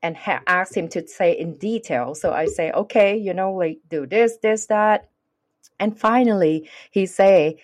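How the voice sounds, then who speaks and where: A woman's voice: mid-range voice, unhurried, darkish tone. A woman with a non-native English accent telling a personal story earnestly in conversation, acting out the dialogue. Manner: earnest, acts out quoted dialogue. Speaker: guest.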